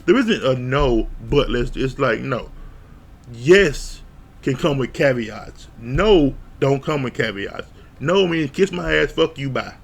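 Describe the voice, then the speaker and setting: Man, casual show recap, blunt and profane, gravelly, mid pitch. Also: slow. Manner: blunt, profane, animated retelling with mock quotes. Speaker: show reviewer.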